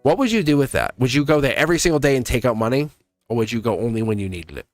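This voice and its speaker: A man hosting a live tarot stream, talking in a rambling, animated way and laughing often. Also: mid-range voice, rapid-fire, no room sound, studio quality, faint music behind. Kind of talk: casual live-stream chat.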